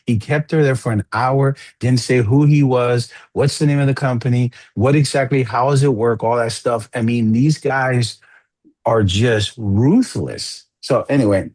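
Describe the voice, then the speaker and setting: Husky man telling a story, chatty. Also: mid-range voice, normal speed, dry recording. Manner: chatty, animated retelling with many restarts. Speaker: team member sharing a story. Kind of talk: casual storytelling on a group call.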